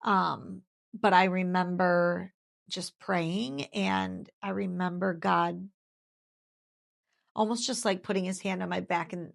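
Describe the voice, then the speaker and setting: A woman's voice: on the low side, fairly even intonation, slow pace, creaky. A woman in her thirties sharing her faith story in an interview, earnest and heartfelt, repeating phrases for emphasis.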